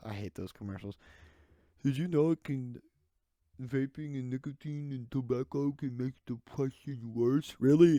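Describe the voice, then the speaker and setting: A young man hosts a solo podcast in a small room, rambling sarcastically and jumping between tangents. His voice is dark and mellow and sits in the middle of the male range. The sound is dry and close, with no room echo. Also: mid-range voice. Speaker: podcast host. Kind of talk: casual solo podcast rant. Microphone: desk microphone.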